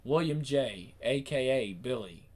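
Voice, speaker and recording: A man's voice: medium pitch, expressive, measured pace, a little mellow. A man giving a dramatic reading in a clipped, report-like delivery. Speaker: reader.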